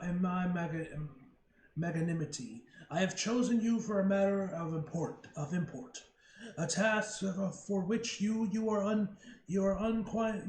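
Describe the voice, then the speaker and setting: A man reading the lines of a haughty male armored dictator-sorcerer villain, stumbling over the long formal words. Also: high-pitched. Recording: roomy room, faint noise.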